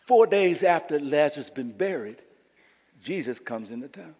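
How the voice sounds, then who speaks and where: A man's voice: fairly high pitch, expressive, moderate pace, darkish tone, breathy edge, in a large hall. A man preaching a sermon as pastor, emphatic, often repeating words as he restarts his sentences. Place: church sanctuary.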